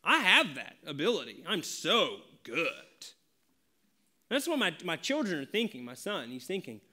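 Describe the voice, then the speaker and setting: A male pastor delivers a casual, story-driven sermon in a church, his voice a touch high and bright. He jumps into acted-out dialogue and laughs along with his own stories. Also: normal speed. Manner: animated, laughing, acting out dialogue. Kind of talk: conversational sermon with family stories. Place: church sanctuary.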